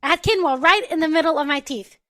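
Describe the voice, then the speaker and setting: A high, bright, squeaky-voiced American woman chatting away on a charity livestream. She is bubbly and talkative, with a voice that stands out, and she laughs easily. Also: quick pace. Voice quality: squeaky, distinctive voice. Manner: chatty and bubbly, laughs often, says "you know what I'm saying". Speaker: co-host of a charity auction livestream. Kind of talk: casual chat.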